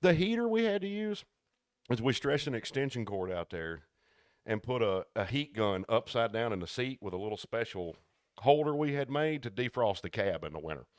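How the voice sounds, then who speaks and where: A man co-hosting a podcast, telling work stories in a casual, animated way and acting out the people he quotes. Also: medium pitch, moderate pace, dry recording, clean studio sound. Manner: animated storyteller who acts out quoted people. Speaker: podcast co-host. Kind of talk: casual storytelling chat.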